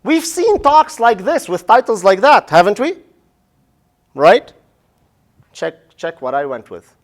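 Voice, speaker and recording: A male professor giving a casual, animated lecture on public speaking. He often asks "right?" and acts out the listeners' reactions. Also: high voice, takes it slowly. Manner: casual, says "man" and "right?".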